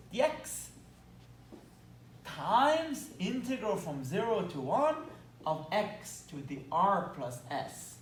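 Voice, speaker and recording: A man's voice: a little high, a little hiss or hum. A man with a Belgian accent teaching math at a whiteboard, talking with enthusiasm and playful asides. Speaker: math lecturer. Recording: echoey room, mic at a distance.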